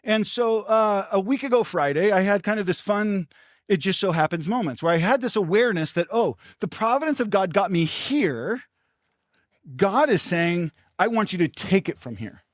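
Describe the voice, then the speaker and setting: Animated older male pastor preaching. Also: high-pitched, normal speed, no echo, studio quality. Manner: animated storytelling, acts out quoted voices. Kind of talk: sermon.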